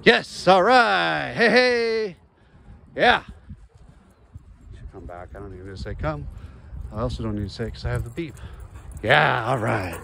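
Low-voiced man filming his dog outdoors. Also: fairly quick, creaky, slight background noise. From Oregon, USA. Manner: talks quietly to the camera, then calls out high and excited to his dog. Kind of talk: casual vlog narration. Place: outdoors, playing fetch with a dog. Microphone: handheld phone camera.

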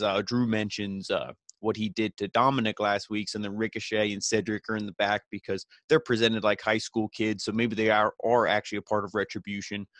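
A young man talks in a low voice, rambling through a recap with lots of fillers and casual swearing. The sound is dry and close, with no room around it. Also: a bit bright, dry recording. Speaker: podcast host reviewing wrestling.

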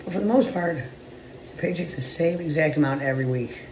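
A man's voice: fairly high pitch, normal speed, a little mellow, echoey room, a little hiss or hum, poor audio. A man, a business owner, giving a blunt, casual motivational monologue full of swearing. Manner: blunt, profane, conversational.

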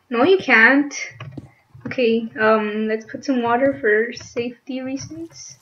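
Young female gaming host, high and unhurried, giggly commentary, lo-fi desk mic. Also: steady tone. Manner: chatty, giggly, squeals when startled. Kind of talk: casual gameplay commentary. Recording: dull lo-fi mic with faint noise.

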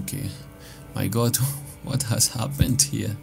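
A man with a somewhat low voice talks through a horror game as he plays it. He swears freely and keeps jumping into loud, startled reactions. Faint music hangs in the background. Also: a little slow, creaky. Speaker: gameplay commentator. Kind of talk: let's play commentary.

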